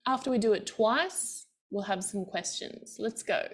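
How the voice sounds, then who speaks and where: A woman's voice: medium pitch, unhurried, slightly rough. A woman from Australia teaching a bellydance class, counting the beats aloud and giving encouraging cues. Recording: faint music behind. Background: class music.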